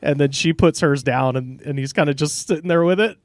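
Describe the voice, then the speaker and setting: A man telling a story on a podcast in a casual, animated way, laughing often and swearing offhand. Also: on the high side, a little fast, no echo, studio quality. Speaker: podcast guest.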